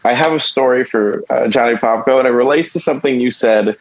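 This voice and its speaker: A man's voice: medium pitch, fairly quick, dry recording, dull audio. Rambling young man telling a comic story. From Northeastern Pennsylvania. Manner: rambling, self-deprecating, profane. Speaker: band member, podcast guest.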